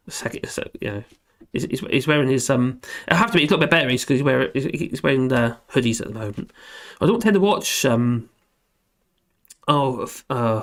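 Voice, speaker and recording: A hoarse man rambling and joking through a casual livestream chat, reading out comments. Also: medium pitch, a bit bright. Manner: rambling, self-deprecating, laughs often. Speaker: livestream host.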